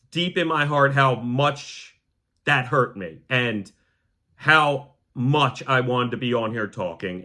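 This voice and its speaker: A young man hosting a podcast, talking to camera in a heartfelt, halting way that sometimes sounds choked up. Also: mid-range voice, bright, forceful tone. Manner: repeats the word "gang" to the audience. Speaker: podcast host. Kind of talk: emotional personal monologue to camera.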